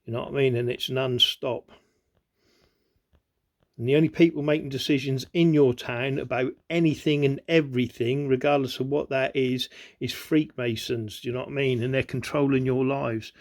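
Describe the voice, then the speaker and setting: A man with a gravelly edge talks through video clips, pointing things out as they play. He circles back on the same phrases again and again, pressing the listener to look. His pitch sits in the ordinary middle range for a man. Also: fairly even intonation, moderate pace. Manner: repetitive, keeps saying "look" and "you know what I mean". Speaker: conspiracy video host. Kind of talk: rambling commentary over video clips.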